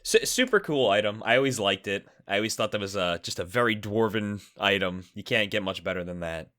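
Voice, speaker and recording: Lively bright-voiced man. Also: fairly low pitch. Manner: lively, quick to react and laugh. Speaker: podcast co-host. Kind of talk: in-character casual chat.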